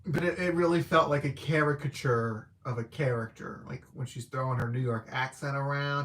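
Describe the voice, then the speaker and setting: A man's voice: medium pitch, moderate pace, hardly any pauses, fairly bright tone. Rambling, laid-back male film reviewer. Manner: rambling and hesitant, heavy use of "like" and "I don't know"; chuckles at his own remarks. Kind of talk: casual spoken movie review.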